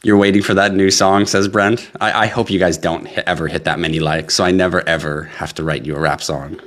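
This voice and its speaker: Hosting a live crypto stream, a man with a very low, slightly bright voice talks fairly quickly and steadily. His manner is brash and jokey as he swears freely and reads viewers' comments out loud.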